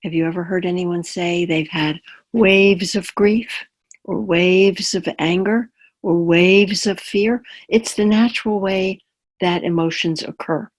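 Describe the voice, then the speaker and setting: A woman chaplain teaching in an easy, conversational tone over a webinar. She draws on personal examples and keeps checking in with quick questions to her audience. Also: lowish voice, steady tone. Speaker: palliative care chaplain. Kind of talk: webinar talk.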